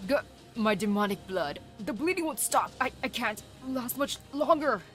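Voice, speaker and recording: A woman's voice: fairly high pitch, expressive, normal speed, a bit bright, soft background music. A woman voicing a proud, dying male wolf-clan grand duke from a game, indignant and commanding. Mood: bitter. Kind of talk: reading game dialogue aloud.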